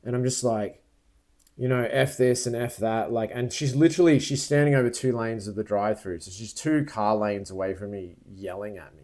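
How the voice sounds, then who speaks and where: Mellow-voiced man telling a grievance story. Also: fairly low pitch, fairly even intonation, a little fast. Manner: rambling, aggrieved retelling with quoted asides. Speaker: vlogger. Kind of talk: casual storytelling to camera.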